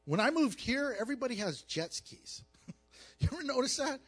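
A man preaching as a pastor, mixing scripture with jokes and animated storytelling. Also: extremely high pitch, moderate pace, husky. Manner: animated, jokey storytelling with acted asides. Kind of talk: sermon with humor.

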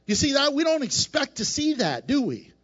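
High-pitched male pastor, animated sermon with acted-out scenes, dull lo-fi church recording. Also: normal speed. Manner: emphatic and repetitive, asks the congregation questions, laughs at his own jokes.

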